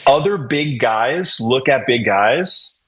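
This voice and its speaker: A middle-aged man with a husky, slightly rough voice tells stories in a loose, profane, joking way. He sounds like a guest chatting casually on a podcast, relaxed and unscripted. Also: medium pitch, slow, low-quality recording. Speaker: podcast guest, hardcore vocalist. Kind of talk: casual storytelling interview.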